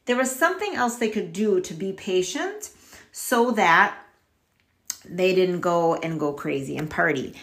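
A woman's voice: fairly low pitch, a little slow. A woman podcast host retelling a story in a casual, chatty way and talking straight to her listeners. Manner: chatty, animated, addresses listeners directly.

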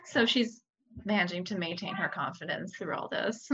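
A woman's voice: on the low side, normal speed, fairly bright tone, husky. A woman hosting a casual podcast chat, playful, asking questions and laughing often. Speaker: podcast host. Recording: dull audio with faint hiss.

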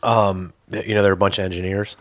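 A man's voice: sits low, level tone, a little fast, slight background noise. A man co-hosting a podcast, reflective and rambling as he thinks aloud. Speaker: podcast co-host. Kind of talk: casual chat.

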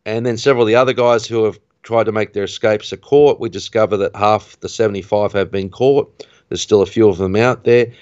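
A man hosting a podcast, casually recapping a film plot in an animated way, his voice rising at the tense moments. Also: on the low side, a little fast, dry recording. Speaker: podcast host. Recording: dull, dry lo-fi recording.

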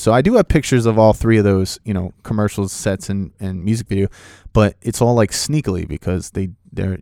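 A man casually telling a story from his own life, loose and lively, slipping into the voices of the people he quotes. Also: on the low side, dry recording, studio quality. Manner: animated, acts out other people's voices in quotes; loose, filler-heavy delivery with restarts. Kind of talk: casual spoken anecdote.

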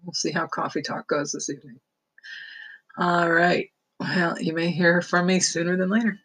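A woman's voice: fairly low pitch, steady tone, normal speed, fairly bright tone, breathy edge, poor audio. A woman telling family stories in a casual, rambling vlog monologue, often laughing and restarting her sentences. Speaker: vlogger.

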